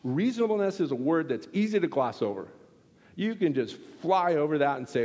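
A pastor delivering a sermon, animated and acting out little exchanges as he teaches. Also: fairly high pitch, normal speed. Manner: animated, acts out quoted exchanges. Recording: long hall reverb.

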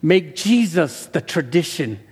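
A male pastor who speaks Spanish as his first language, preaching a sermon that swells into loud, high-pitched passion. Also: sing-song, measured pace, breathy edge. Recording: echoey hall with long reverb.

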